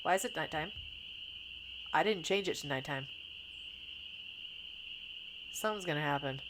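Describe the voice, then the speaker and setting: A woman gaming streamer with a low-sitting voice gives rambling, chatty let's play commentary at normal speed, thinking out loud while she plays. The background is noisy.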